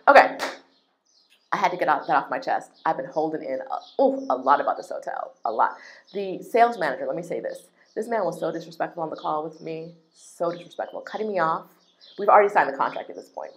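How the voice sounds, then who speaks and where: Low-voiced woman ranting indignantly. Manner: animated, indignant, emphatic repetition. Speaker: travel business owner. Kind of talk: ranting vlog.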